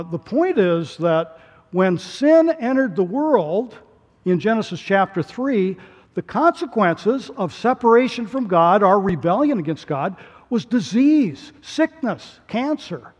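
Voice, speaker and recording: Animated preacher man in a reverberant hall. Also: sits high, muffled recording. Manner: animated, voice rising to emphatic peaks. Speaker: pastor. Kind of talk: sermon.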